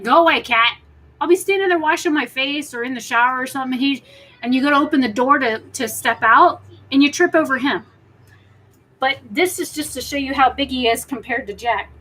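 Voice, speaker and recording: A woman's voice: high voice, a bit bright, poor audio. A woman chatting casually on a live stream from home, rambling with restarts and talking to viewers. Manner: chatty, rambling, talks to her cat in baby talk.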